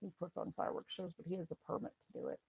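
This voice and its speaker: Gravelly-voiced woman telling lively stories. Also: fairly low pitch, rapid-fire, no echo, dull audio. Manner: animated storytelling, repeats phrases, answers chat. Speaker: livestream host, firearms instructor, former paramedic. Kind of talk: casual livestream chat.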